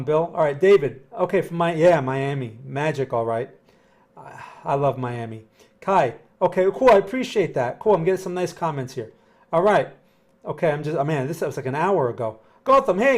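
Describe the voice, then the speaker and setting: On a live stream analyzing the markets, a male trading educator speaks in a slightly high, somewhat mellow voice. He's unhurried and chatty, reading viewers' comments out loud, answering them, and often repeating himself.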